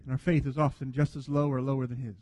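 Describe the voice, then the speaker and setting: A man's voice: medium pitch, flat delivery, quick pace, warm tone, long reverb tail. A man preaching a sermon earnestly, acting out quoted dialogue as he goes. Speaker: pastor.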